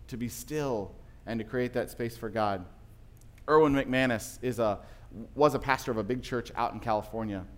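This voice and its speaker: A man preaching a sermon, telling stories in a conversational way that rises to emphatic passages. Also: medium pitch. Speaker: pastor.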